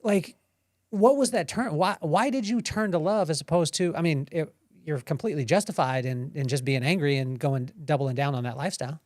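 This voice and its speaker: A male podcast host with a slightly raised pitch, building long, looping questions and circling back before landing them. The recording is close and dry. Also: brisk, darkish tone, no echo. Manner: long, winding questions that restart mid-thought. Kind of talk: interview questions.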